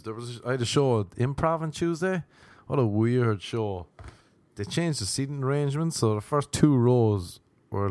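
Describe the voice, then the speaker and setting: A man in his thirties, a comedian hosting his own podcast, rambling wryly through a casual monologue and jumping into high voices for quoted asides. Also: darkish tone, no echo.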